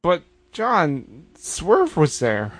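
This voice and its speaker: A man co-hosting a podcast in casual chat, delivering dry, deadpan jokes. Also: a little high, drawn-out words, dry recording. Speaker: podcast co-host.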